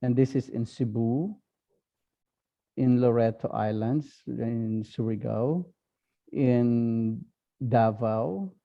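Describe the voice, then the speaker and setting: A man with a Filipino accent, a priest giving an online talk, speaking slowly and haltingly with many fillers. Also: mid-range voice, creaky, highs cut off. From Philippines. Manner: slow, halting, with frequent fillers.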